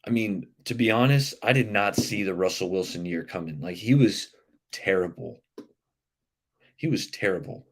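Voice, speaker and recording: A man with a fairly low voice hosts a casual live sports stream. He talks in a loose, rambling way and keeps turning to answer viewers' comments. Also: moderate pace, husky. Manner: chatty, rambling, reacts to chat comments. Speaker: livestream sports show host.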